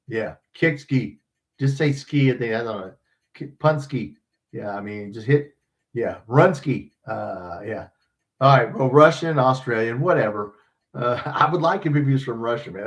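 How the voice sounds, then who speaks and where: A man's voice: medium pitch, fairly bright tone. A man hosting a casual sports podcast, rambling and joking with profanity. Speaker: podcast host.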